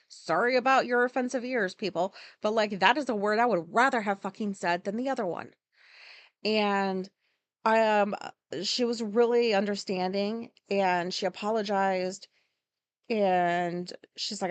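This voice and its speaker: A woman's voice: medium pitch, moderate pace, no room sound. A woman podcast host telling a personal story in a candid, rambling monologue, swearing freely. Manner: frank and profane, rambling with many asides.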